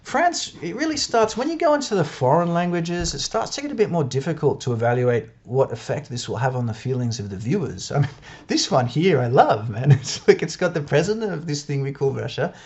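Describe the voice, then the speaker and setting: A man's voice: on the high side, animated, a little fast, a little mellow, slightly rough. A man with an Australian accent giving casual, chatty commentary to camera, often laughing and second-guessing himself. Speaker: video creator analysing newspapers. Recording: dull lo-fi sound.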